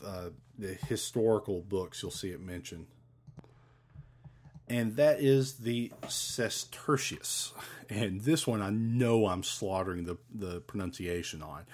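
A man's voice: fairly low pitch, a little mellow. A man giving a casual, rambling lesson on ancient coins, with many fillers and restarts. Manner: rambling, many fillers, self-deprecating about Latin pronunciation. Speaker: coin collector explaining ancient money.

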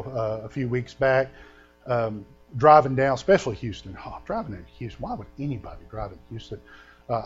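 Pastor preaching with rising emphasis. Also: male voice, medium pitch, lo-fi sound. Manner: storytelling, rising to loud emphasis on scripture. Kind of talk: sermon.

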